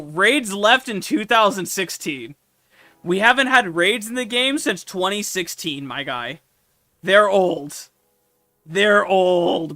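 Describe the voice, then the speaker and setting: A man streaming casual commentary with a high, bright voice that swings widely in pitch. He is excitable and swears freely, breaking into loud outbursts. Faint music plays behind his dry, close sound. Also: no echo.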